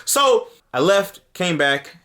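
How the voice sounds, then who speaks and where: Lively, high-pitched storyteller man. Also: slow pace. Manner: lively, swears casually, acts out quotes; laughs often while telling. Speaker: video commentator. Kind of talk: animated storytelling commentary.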